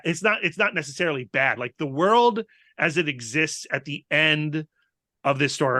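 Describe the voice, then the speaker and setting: A man's voice: on the high side, bright, forceful tone, dry recording, clean studio sound. A man co-hosting a podcast over a video call, musing in a reflective, rambling way with frequent restarts. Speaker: podcast co-host. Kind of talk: casual podcast discussion.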